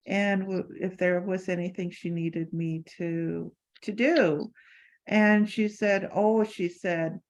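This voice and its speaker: A woman's voice: mid-range voice, poor audio. Older lady telling stories in a q&a, lots of uhs and restarts. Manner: warm anecdotal, many fillers and restarts. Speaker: former assistant sharing memories. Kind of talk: lecture Q&A storytelling.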